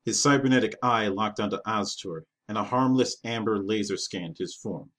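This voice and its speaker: A man narrating a space-opera novel in a measured, dramatic reading. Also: fairly low pitch, fairly bright tone. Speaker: vTuber reading a novel aloud.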